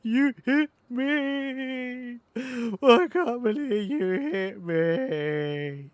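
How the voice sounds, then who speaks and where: A man putting on the voice of a grown man crying like a little kid, wailing and stammering in a high, drawn-out whine. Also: no echo, heavily acted.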